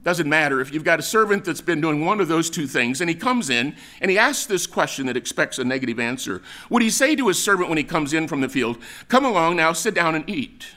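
An older American man preaching a sermon, telling stories in a relaxed, conversational way with frequent fillers and restarts. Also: on the high side, quick pace, hardly any pauses. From United States. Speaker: pastor.

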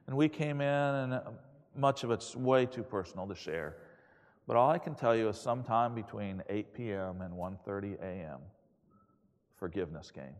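A middle-aged man preaching a sermon, telling a personal story in a candid, self-mocking and animated way. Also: lowish voice, moderate pace, pauses often. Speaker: pastor. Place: chapel. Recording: echoey hall reverb.

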